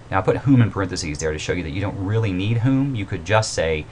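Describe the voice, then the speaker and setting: A man's voice: lowish voice, expressive, fast talker, few pauses, slight background noise. A man who teaches writing, giving a recorded mini-lecture in an informal, explanatory way, with fillers and self-corrections. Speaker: writing instructor.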